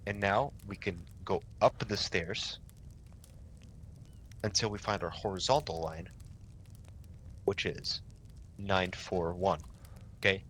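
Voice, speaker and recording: A young man with a fairly low voice explains radio procedure to a trainee in a relaxed, loose way, restarting sentences and swearing offhandedly. A faint hiss of background noise sits under his voice. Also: takes it slowly, pauses often. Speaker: milsim instructor. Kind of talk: casual training session.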